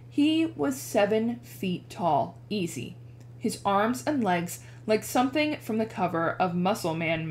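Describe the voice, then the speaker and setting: A woman teacher reading a chapter book aloud with expressive narration. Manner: animated, changes pitch for dialogue.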